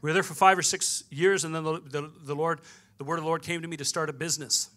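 Bright-voiced pastor telling a story. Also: male voice, on the high side, fast talker. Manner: storytelling with quoted dialogue, animated. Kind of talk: sermon.

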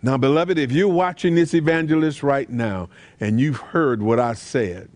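A man preaching an evangelistic sermon, fervent and emphatic, repeatedly calling his listeners "beloved" and softening into a quiet prayer. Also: moderate pace, no echo. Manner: fervent, emphatic, repeats "beloved", rising to high urgent pleas.

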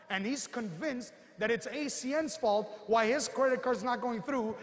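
A man giving an animated motivational seminar talk, telling stories and acting out the people in them. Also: extremely high pitch, in a large hall. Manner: animated storyteller, acts out quotes, punchy asides. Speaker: motivational speaker.

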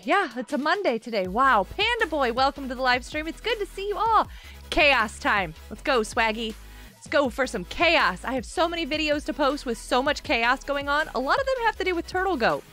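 A woman's voice: high voice, bright, forceful tone. A woman chatting casually on a gaming live stream from a carpeted room at home, giggly and laughing often.

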